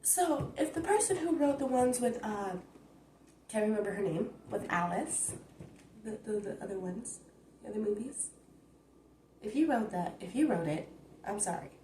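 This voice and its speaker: A woman's voice: mid-range voice, moderate pace, pauses often, roomy sound, a little hiss or hum. Blunt, rambling woman vlogger. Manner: blunt, profane, rambling, animated. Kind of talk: casual rant recap. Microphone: phone.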